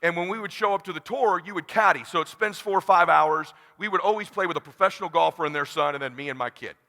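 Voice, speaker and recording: Raspy bright-voiced man telling a story. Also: sits high, fast. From California, USA. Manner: animated, blunt and profane, acts out dialogue. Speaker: keynote speaker. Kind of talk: motivational talk with personal storytelling. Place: large conference hall. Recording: long hall reverb.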